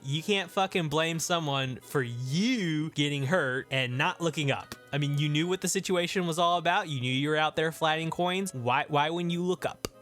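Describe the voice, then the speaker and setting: Guy ranting about an old comic, swears a lot, sarcastic, voice on the higher side, faint music behind. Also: a bit bright. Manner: sarcastic, profane, blunt. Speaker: video host. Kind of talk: comic book review commentary.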